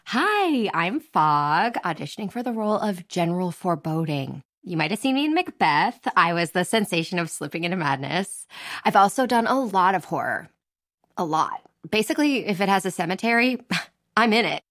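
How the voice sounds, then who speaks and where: A woman's voice: lowish voice, very animated, normal speed, fairly bright tone, no room sound, studio quality. Fog, a brooding stage actor, as a woman puts it on. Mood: wry, theatrical. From Newfoundland.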